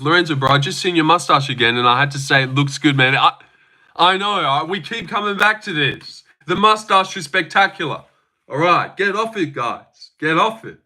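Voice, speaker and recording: The speaker is a young Australian livestream host who banters, swears and jokes as he goes through viewer comments in a relaxed live chat. His voice is fairly high, pushed and bright.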